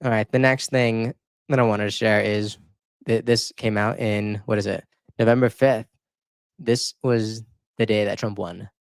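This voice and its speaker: A man hosting his channel, reacting to his own past videos in casual commentary, excitable and emotional, often stumbling over and repeating words. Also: fairly low pitch, measured pace, clean tone, no room sound. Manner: emotional, near tears. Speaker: YouTube political commentator.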